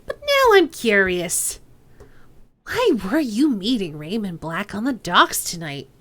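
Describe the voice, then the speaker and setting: A woman's voice: on the low side, sing-song, unhurried, a bit bright, no echo. A woman voicing a brash, sing-song female crime boss with a nasal, teasing voice. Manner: teasing, drawling with pet names.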